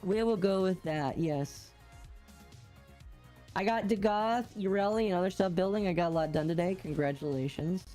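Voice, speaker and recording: A woman with a lowish voice chats casually while she streams a game. She answers her chat and makes playful jokes. Faint game music plays underneath her. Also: normal speed, warm tone. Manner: chatty, reads and answers chat, playful puns.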